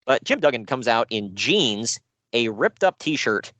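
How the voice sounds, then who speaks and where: A man co-hosting a casual podcast about wrestling shows, sarcastic and animated, laughing often. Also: medium pitch, a little slow, no room sound.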